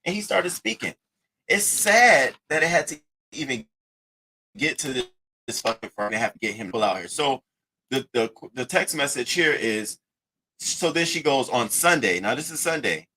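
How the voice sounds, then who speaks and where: A man hosting a casual commentary, reading text messages aloud and reacting to them with a profane, animated delivery. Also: medium pitch, moderate pace, breathy edge, poor audio. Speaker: commentary host.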